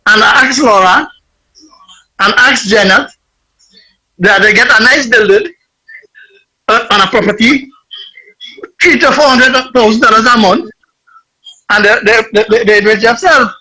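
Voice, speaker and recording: A man calling into a talk show, rambling with halting restarts. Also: high-pitched, pushed and bright, poor audio. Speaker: caller. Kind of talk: call-in commentary.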